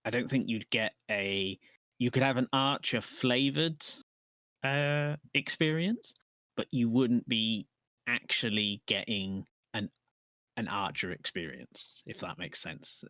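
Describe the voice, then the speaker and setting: A man's voice: mid-range voice, slow pace, sharp tone, no room sound. A man co-hosting a podcast in casual chat about tabletop games, explaining thoughtfully with restarts. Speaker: podcast co-host.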